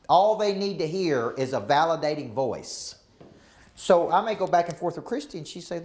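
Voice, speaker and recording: Animated voiced male real estate coach. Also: high voice, a little fast. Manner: animated, acts out quoted dialogue. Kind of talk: live coaching session talk.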